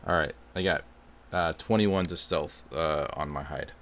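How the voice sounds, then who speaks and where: A man with a very low, deep voice, joking around as a player in a tabletop game. He talks in a relaxed, easy way. A clear hiss runs under the recording. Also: unhurried. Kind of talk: casual tabletop game chat.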